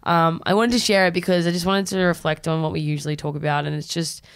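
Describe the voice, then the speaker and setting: Young Australian woman telling a story, low gravelly voice. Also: fast, no echo, studio quality. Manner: animated storytelling, acts out quoted voices. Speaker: podcast co-host. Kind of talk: casual chat. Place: podcast studio.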